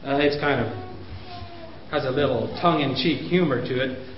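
A man in his fifties lecturing parents, animated, pushing his voice up for emphasis and chuckling at himself. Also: medium pitch, moderate pace, pauses often, slight background noise. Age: 50s. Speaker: speaker on parenting. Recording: roomy, dull lo-fi recording.

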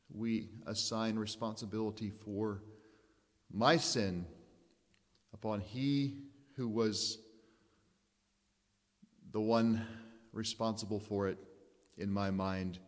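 A man preaching a sermon in a measured, emphatic way, asking rhetorical questions. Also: on the low side, long reverb tail.

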